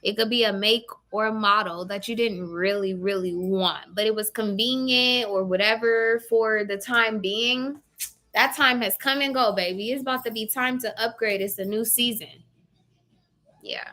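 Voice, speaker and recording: A woman's voice: medium pitch, moderate pace, pushed and bright. A woman giving a casual live tarot reading, chatty and blunt, casually swearing and speaking to viewers by name. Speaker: tarot reader.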